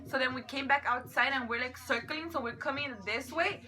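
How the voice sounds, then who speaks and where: A young adult woman telling a funny story to her sister, animated and quick, full of filler likes. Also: high voice. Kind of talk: casual storytelling.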